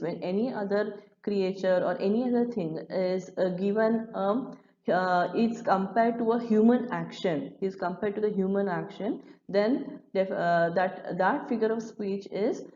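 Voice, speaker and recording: A woman teacher with an Indian English accent walks students through a poem, patient and a little halting. Her voice is mellow and dark. The recording is dull and lo-fi, with an echoey room around her. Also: medium pitch. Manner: patient explaining, many restarts and fillers. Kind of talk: classroom lesson explaining a poem.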